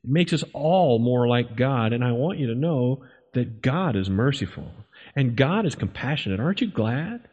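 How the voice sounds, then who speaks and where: Dramatic preacher in a reverberant church. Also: male voice, mid-range voice, animated, normal speed, darkish tone, highs cut off. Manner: dramatic, emphatic preaching with rhetorical questions. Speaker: pastor. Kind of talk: sermon. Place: church sanctuary. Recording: long reverb of a church hall.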